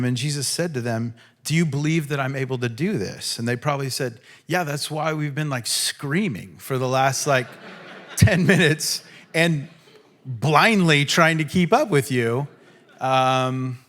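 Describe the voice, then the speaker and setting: A male preacher delivering a sermon at an unhurried, deliberate pace. His talk is relaxed and conversational, with mid-range pitch, and he bursts into loud, high voices when acting out what people in the story say. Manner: conversational, acts out quotes with sudden high shouts. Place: church hall.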